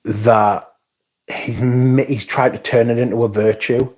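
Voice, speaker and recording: A man's voice: medium pitch, fairly even intonation, a little slow, darkish tone. A man hosting a casual livestream, reading out viewer comments and answering them in a blunt, sweary, sardonic way. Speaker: livestream host.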